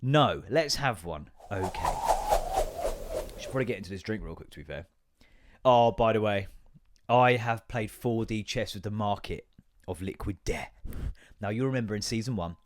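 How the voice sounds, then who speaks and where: A man's voice: on the low side, moderate pace. Sweary man ranting solo. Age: 30s. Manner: sweary, rambling, self-mocking. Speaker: podcast host. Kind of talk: solo comedic rant.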